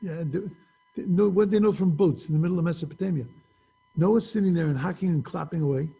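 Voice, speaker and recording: A man with a fairly high voice teaches a class over a video call. His voice is mellow and husky, and he tells stories with acted-out dialogue in a conversational way. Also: fast.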